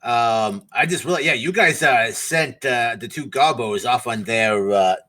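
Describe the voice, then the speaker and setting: A man's voice: mid-range voice, measured pace, sharp tone, rough recording. A man acting as game master, chatting casually and rambling a bit with fillers as he wraps up a tabletop game stream.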